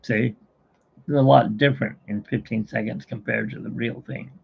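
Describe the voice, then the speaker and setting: A man's voice: medium pitch, steady tone, normal speed, creaky, phone-quality sound, heavy background noise. A middle-aged man hosting a live stream, chatting casually and telling jokes in a rambling, self-mocking way.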